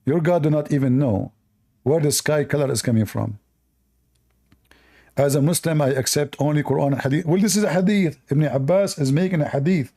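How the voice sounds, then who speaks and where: A man hosts a live debate stream, teasing callers in a mocking, animated way. His voice is gravelly and dark, and it sits a little high for a man. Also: fairly quick. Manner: mocking, animated, non-native English phrasing.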